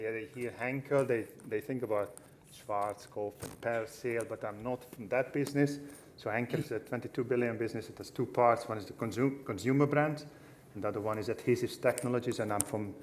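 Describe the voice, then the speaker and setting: A man speaking as a panelist at a conference, explaining things in a measured way and repeating words as he thinks. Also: lowish voice, a little hiss or hum. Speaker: panelist, head of logistics. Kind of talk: panel discussion answer.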